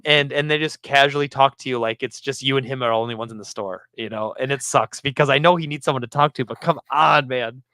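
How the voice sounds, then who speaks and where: A man hosting a casual podcast, telling a story about his game store with lively acted-out quotes. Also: medium pitch, fairly quick, few pauses, dry recording, studio quality. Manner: animated storyteller, acts out customers.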